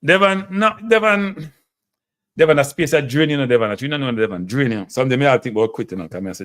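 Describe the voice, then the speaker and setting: On his live stream, a Jamaican-accented host discusses football at a quick clip in a fairly low-pitched voice. His delivery is full of emotion and excitement, with frequent bursts of laughter.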